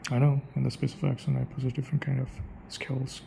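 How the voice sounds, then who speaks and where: A young man practicing an accent muses aloud in a casual monologue, repeating phrases as he tries out a way of speaking. His mid-range voice is level, quick, gravelly and dark, on poor audio with slight background noise.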